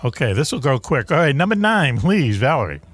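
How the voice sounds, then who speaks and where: A male podcast host with a lively, swooping voice that rises and falls a lot. He banters in casual chat, laughs easily and stumbles through fillers, with faint music under him. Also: medium pitch, fairly quick. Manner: jokey, laughs often, hesitant with fillers.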